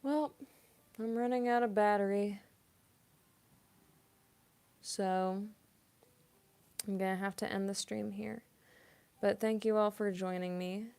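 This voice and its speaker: A woman's voice: lowish voice, vocal fry, a little mellow. A young woman, a voice actress, chatting casually on a live stream, giggling often and cooing at her cat.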